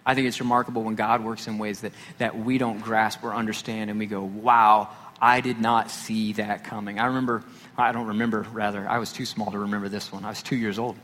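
A man from Texas preaching a sermon, mixing stories with self-deprecating asides in a relaxed, conversational way. His mid-range voice carries a long hall reverb, with a faint background hiss. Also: lowish voice, quick pace. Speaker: pastor.

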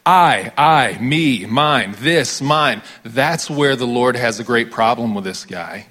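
A man's voice: mid-range voice, slow pace, pushed and bright. A man with an American accent, a pastor giving a conversational sermon with dramatic readings of scripture.

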